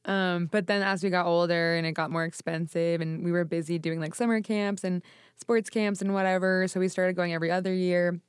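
A woman's voice: on the low side, fairly even intonation, a little fast, smooth, dry recording, clean studio sound. A young adult woman, chatting casually as a podcast guest, full of fillers. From United States. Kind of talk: casual chat.

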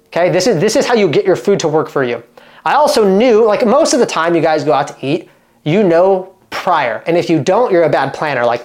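A man in his thirties from Oregon, working as a fitness coach and chatting to camera. He talks in an animated, emphatic way, drops lots of "like" fillers, and restarts his sentences. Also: fairly high pitch, a little fast. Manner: animated and emphatic, acts out quoted dialogue. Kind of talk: casual talk to camera.

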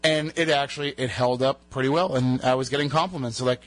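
A man's voice: medium pitch, steady tone, fast. A man hosting a radio show, telling rambling stories in casual banter, his voice just back from being lost. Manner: chatty, rambling storyteller. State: recovering from a lost voice.

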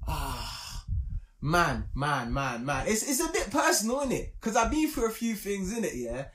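Young guy chatting on a podcast, bit higher voice, pitch all over the place, really emphatic. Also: moderate pace, slight background noise. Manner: animated, emphatic storyteller. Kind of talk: casual chat.

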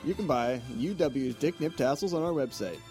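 Man doing a mock ad pitch over music. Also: animated, normal speed, a little mellow. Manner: pitchman delivery, breaking into laughter. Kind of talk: mock advert read. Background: music bed.

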